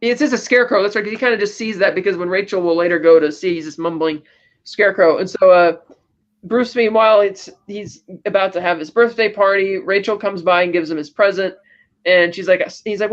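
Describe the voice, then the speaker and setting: A woman's voice: mid-range voice, brisk, muffled recording. A woman co-hosting a podcast, recapping movie scenes casually and quoting lines as she goes. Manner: retells scenes with quoted lines and laughs. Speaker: podcast co-host.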